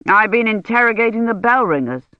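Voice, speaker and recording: Reader doing a worn-out careful old professor guy, measured, muffled dry sound. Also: mid-range voice, lively intonation, dry recording, pitched above the performer's own voice, natural voice. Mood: tired. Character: weary older male Oxford don, careful.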